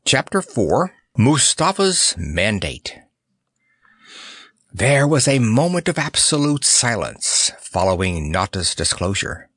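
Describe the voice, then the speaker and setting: A man's voice: on the low side, very animated, takes it slowly, fairly bright tone, slightly rough, no echo, studio quality. A man narrating a children's fantasy audiobook in a storytelling style. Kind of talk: scripted narration.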